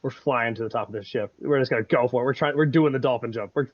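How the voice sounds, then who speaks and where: A man describing his character's actions at a tabletop game, rambling with plenty of fillers and laughter. His voice is close and dry, a little muffled. He sits at a middling pitch. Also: fast talker, no echo. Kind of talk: casual in-character game chat.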